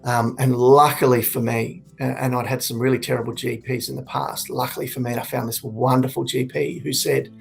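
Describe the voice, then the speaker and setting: Gravelly man in his forties, earnest. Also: mid-range voice, flat delivery, soft background music. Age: 40s. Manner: reflective, earnest, halting with restarts. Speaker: suicide prevention speaker. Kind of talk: candid personal testimony.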